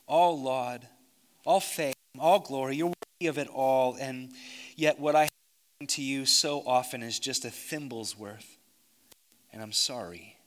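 A man preaching and praying aloud as pastor, swinging between hushed, intimate lines and fervent outbursts. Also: mid-range voice, unhurried. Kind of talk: sermon and closing prayer. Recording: long reverb of a large hall.

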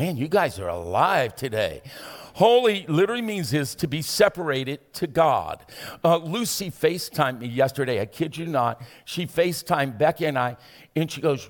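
A man preaching a sermon as pastor, building to shouted emphasis and asking the congregation to respond. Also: on the high side, big pitch swings, normal speed, in a large hall, some chatter behind.

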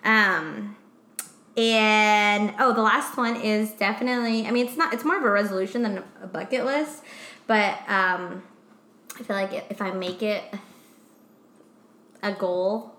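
A woman's voice: medium pitch, a little slow, pauses often, pushed and bright, echoey room. A woman co-hosting a podcast, chatting casually, swearing a lot and trailing off into fillers. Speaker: podcast co-host. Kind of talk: casual chat.

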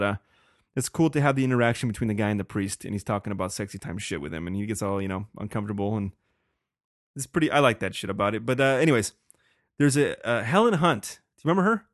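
A man's voice: mid-range voice, dry recording, clean studio sound. A young man hosting a casual solo podcast, rambling with lots of swearing and laughing. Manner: profane, rambling, laughs often. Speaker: podcast host.

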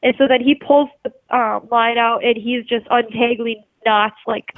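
A woman with a slightly high voice tells an animated story in casual, loose speech, leaning on "like" and swearing freely. She comes through a narrow, phone-like line with a dry, close sound and no room around her. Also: normal speed, no echo.

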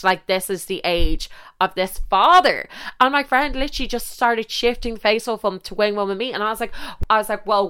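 A young woman with a Dublin Irish accent telling a comic story in an animated, sweary, gossipy way. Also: mid-range voice, clean tone.

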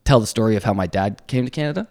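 A man's voice: lowish voice, expressive, racing, a little mellow. A man who is a guest on a podcast, chatting casually and explaining his ideas in a reflective way. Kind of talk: casual chat.

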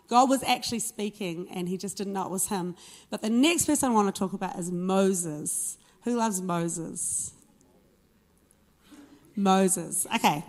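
A woman preacher giving a conversational, encouraging sermon, reading scripture aloud and applying it to everyday life. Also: on the high side.

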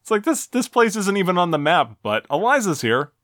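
A man's voice: high-pitched, big pitch swings, fairly quick, fairly bright tone, dry recording, studio quality. A man co-hosting a casual talk show, walking through game endings and reading their text aloud with a wry tone. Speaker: podcast co-host. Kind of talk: casual retro game discussion.

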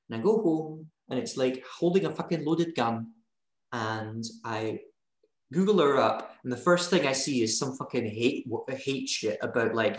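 A woman with a Scottish accent, a union organizer guest on a podcast, telling a story in a loose, swearing, animated way. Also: extremely low pitch, echoey room, poor audio. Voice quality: animated, profane. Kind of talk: casual podcast chat, storytelling.

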